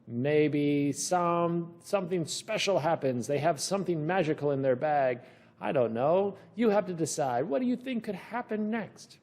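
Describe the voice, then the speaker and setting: A male teacher leads a children's reading lesson, encouraging and full of questions. His voice is fairly high and swings widely in pitch. He takes his time, speaking slowly and clearly for young listeners. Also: darkish tone.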